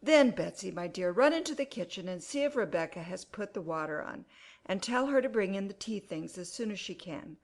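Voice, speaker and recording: A flustered, fretful middle-aged mother, voiced by a woman frets and complains in a lively, swooping voice. Her pitch rises and falls with her worries in an audiobook drama. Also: brisk. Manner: anxious, complaining, fussing.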